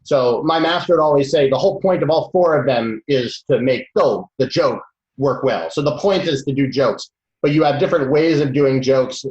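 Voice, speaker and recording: A man from the United States talks as a comedian guest in a casual interview, animated and full of quick restarts. His voice sits at a middle pitch. The sound is roomy and a little dull, like a lo-fi room recording. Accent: Boston.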